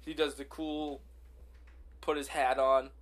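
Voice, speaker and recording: A man co-hosting a casual podcast, telling an improvised story with giggles and halting starts. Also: medium pitch, flat delivery, fairly bright tone. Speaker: podcast co-host.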